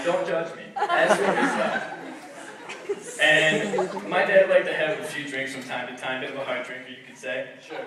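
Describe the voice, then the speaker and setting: A man's voice: on the high side, moderate pace. A young man doing a stand-up comedy set, telling stories with acted-out quotes. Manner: hyped storytelling, acting out quotes. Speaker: stand-up comic. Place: live comedy venue. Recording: echoey hall from far off, loud noise.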